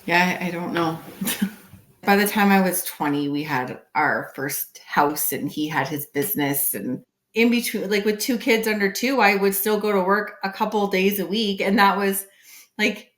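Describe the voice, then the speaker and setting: A woman's voice: medium pitch, normal speed. A woman in her forties from Canada, hosting a casual podcast conversation and speaking her opinions emphatically. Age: 40s. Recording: echoey room.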